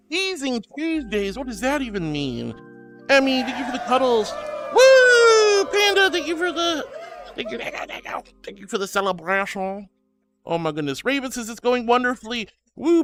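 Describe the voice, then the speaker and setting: A male streamer with a high voice chats live with his viewers, gushing and giggly as he thanks them. His pitch swoops all over the place, and faint music plays underneath. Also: a bit bright. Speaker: VTuber streamer. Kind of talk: live stream chat, reading viewer messages.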